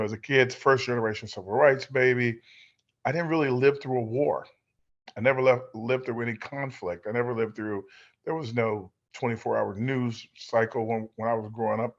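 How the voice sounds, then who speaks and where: A middle-aged man and former football player, telling stories as a guest in a relaxed interview, rambling and acting out the voices of people he quotes. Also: medium pitch, highs cut off. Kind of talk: storytelling in a casual interview. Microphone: video call.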